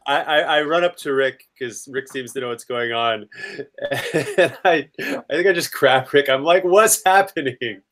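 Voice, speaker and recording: A man's voice: medium pitch, normal speed, fairly bright tone. Man rambling as a tabletop player. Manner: rambling, lots of fillers and restarts. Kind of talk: casual tabletop role-play chat.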